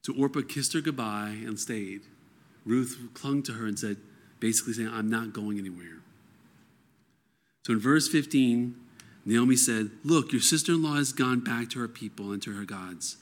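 Male Bible teacher, mid pitch, alternates reading verses aloud with casual explanation. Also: moderate pace. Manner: reads scripture aloud, then explains it conversationally.

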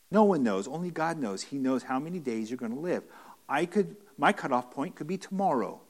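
A man's voice: on the high side, lively intonation, a little fast. Earnest man teaching a Bible study. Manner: earnest, emphatic, with frequent restarts and repetitions. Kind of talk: conversational Bible-study sermon. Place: church room with listeners.

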